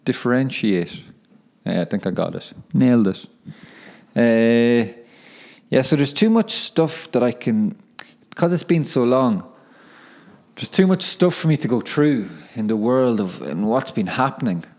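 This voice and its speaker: A young professional footballer chats casually on his own podcast, rambling, self-correcting and laughing at himself. His mid-range voice is animated, a little slow and darkish in tone.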